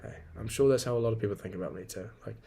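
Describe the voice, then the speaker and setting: Rapid-fire and husky, this young man's fairly low, mellow voice carries vocal fry. He's in his 20s, hosting a casual solo podcast where he rambles, vents, and curses freely.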